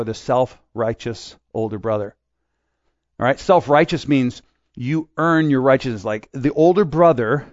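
A man's voice: medium pitch, a little mellow, no room sound, muffled recording. A man preaching a sermon in a conversational way, acting out the voices he quotes. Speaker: pastor.

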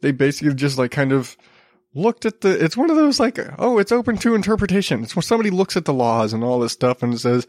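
A man in his thirties with a slightly high voice hosts a casual podcast on his own, rambling through news stories with wry asides and small restarts. He sounds a little under the weather. The recording is dry and close, with no room sound. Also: lively intonation, fast talker, a little mellow, no echo. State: slightly sick, coughing. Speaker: podcast host.

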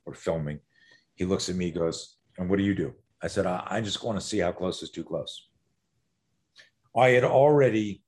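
A middle-aged self-defense instructor appears as a podcast guest, talking in a low voice in an animated, profane way as he acts out fight scenarios.

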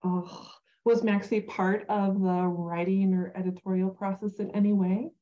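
A woman hosting an interview, asking the guest questions and reacting with quick exclamations. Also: medium pitch, level tone, warm tone. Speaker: interview host. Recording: dull lo-fi audio.

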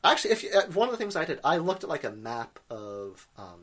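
A man's voice: on the high side, very animated, fast, a bit bright. A man co-hosting a podcast in casual chat, joking and laughing often as he talks. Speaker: podcast co-host.

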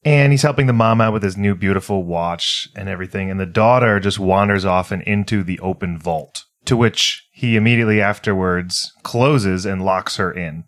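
Wry, low-voiced podcast panelist man. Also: normal speed, hardly any pauses. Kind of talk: casual podcast chat.

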